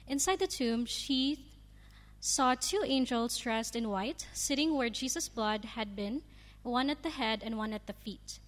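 A woman reading a Bible passage aloud in a careful, measured way. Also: on the high side. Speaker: scripture reader. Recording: long hall reverb.

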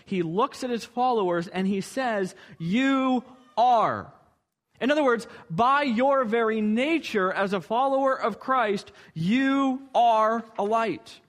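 A man's voice: high-pitched, a bit bright. A man preaching a sermon, earnest and emphatic, building to rhetorical questions.

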